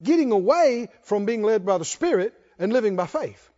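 A male pastor preaches with a high-pitched voice, trading call and response with his congregation. He swings from quiet reasoning to loud cries. The recording is dull and muffled. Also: lively intonation, moderate pace, big-room sound. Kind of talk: sermon.

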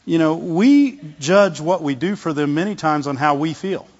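A man's voice: on the high side, lively intonation, moderate pace, darkish tone. A man preaching a conversational sermon in a reverberant hall. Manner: conversational, repeats words, asks the congregation "Amen?". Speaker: pastor. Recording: long hall reverb, dull lo-fi sound.

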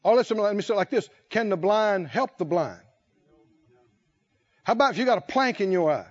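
Male preacher, high and lively, folksy and chuckling, on a dull low-fi recording. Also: brisk. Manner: animated, folksy, laughs often, acts out voices. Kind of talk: sermon. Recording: dull lo-fi sound.

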